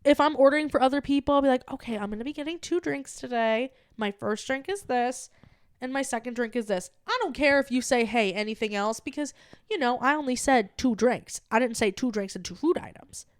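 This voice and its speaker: High-voiced woman telling a lively story. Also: fairly quick, smooth, no echo, clean studio sound. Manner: animated, acts out quoted dialogue. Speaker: podcast co-host. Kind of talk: casual storytelling chat.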